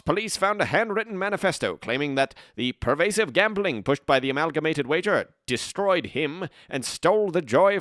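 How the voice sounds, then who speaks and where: A man voicing a cheesy male 1970s newscaster with an exaggerated, booming news-anchor delivery. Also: a bit bright, no echo, clean studio sound.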